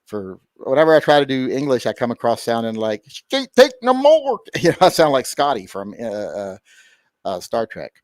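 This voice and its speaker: This livestream host, a man, chats casually while going through super chats, cracking jokes and wandering off with lots of filler words. His mid-range voice is brisk, with lively intonation. The recording is dry and of studio quality.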